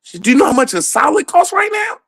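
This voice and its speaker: Laughing, profane man, lively pitch. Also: fast talker, dry recording. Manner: profane, laughing often mid-sentence. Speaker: comedic ranter. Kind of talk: casual comedic rant.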